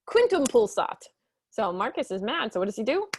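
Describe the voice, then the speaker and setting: A woman teaching Latin, reading lines slowly and then explaining them quickly in English. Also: very animated, a little hiss or hum. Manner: acts out characters with high squeaky voices. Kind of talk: explaining a textbook story.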